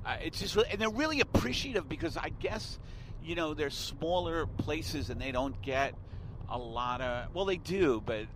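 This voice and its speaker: A man's voice: fairly high pitch, animated, normal speed. A man, a comedian, chatting in a moving car, ranting and swearing as he slips into mocking voices. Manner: ranting, profane, bursts into mocking put-on voices. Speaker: comedian guest. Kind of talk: casual chat in a car. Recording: car interior with road noise.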